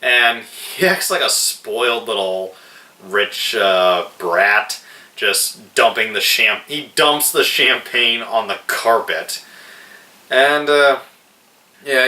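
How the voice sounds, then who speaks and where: A man reviewing a film in a casual, hesitant way, pausing often with fillers. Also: on the low side, bright, forceful tone. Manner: slow, hesitant, with many fillers. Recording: roomy echo, distant mic.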